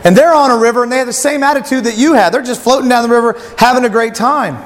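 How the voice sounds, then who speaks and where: A man's voice: very high voice, fast, long reverb tail. A male pastor preaching a sermon, telling a story and acting out its voices.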